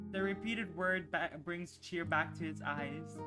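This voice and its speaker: Young woman streamer, lowish soft narration, emotional asides, music bed. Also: measured pace, few pauses. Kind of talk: reading a visual novel aloud on stream. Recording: music playing underneath.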